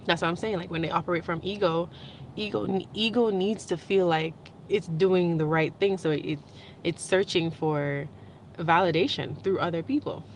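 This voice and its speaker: A young woman with a fairly low voice talks straight to her camera in a loose, heartfelt vlog. She rambles, laughs often and gets emotional. Faint background hum stays under her voice. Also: steady tone, moderate pace. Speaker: vlogger. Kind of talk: casual spiritual vlog monologue.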